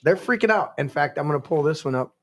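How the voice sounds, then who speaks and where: A male podcast host rants casually while reading news articles aloud. His voice sits somewhat high, and he rambles, swears and trips over his words. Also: lively intonation, fast talker, fairly bright tone, slight background noise.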